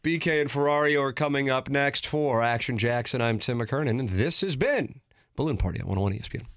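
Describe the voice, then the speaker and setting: A male sports radio host with a mid-range voice. He speaks in quick, chatty banter with his guest. His studio sound is close and dry. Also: medium pitch, lively intonation, fairly bright tone, dry recording. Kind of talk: casual sports radio talk.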